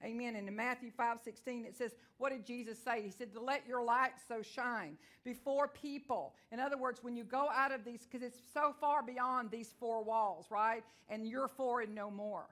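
A woman's voice: a little high, steady tone, normal speed, few pauses, a bit bright. A woman with a Texan accent preaching a sermon in a church, fervent and folksy, telling stories and calling out amen. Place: church service before a congregation.

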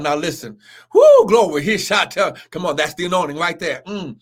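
A man preaching a Pentecostal sermon, exhorting in a rhythmic cadence with repeated cries of glory, often rising to a shout and breaking into tongues. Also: high voice, normal speed, faint music behind. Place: live stream.

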